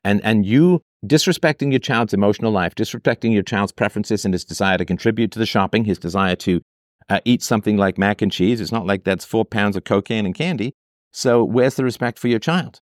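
A man's voice: lowish voice, brisk, no room sound, studio quality. A man reading a text aloud and cutting in with sarcastic, emphatic commentary, often repeating phrases for effect.

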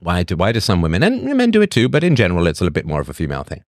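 Racing along, a man hosting a live stream goes over chat messages with strong opinions, restating his points as rhetorical questions. His pitch swings animatedly, and the recording is dry with studio quality.

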